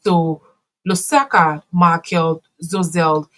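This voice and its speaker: A woman presenting a radio news bulletin in a measured, formal reading manner. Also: on the low side, steady tone, fairly bright tone, poor audio.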